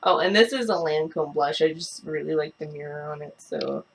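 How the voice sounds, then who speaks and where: A woman's voice: deep voice, normal speed, a little hiss or hum. A young woman vlogging a makeup review, talking casually and bluntly, swearing and ranting. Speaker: beauty vlogger.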